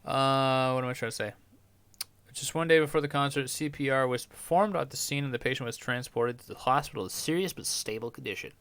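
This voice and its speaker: A young man reads news headlines aloud and tosses crude, mocking asides between them. His voice is smooth and clear at a middling pitch. The sound is dry and close, with no room echo. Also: fairly quick, fairly bright tone. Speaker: podcast host. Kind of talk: casual commentary reading news aloud.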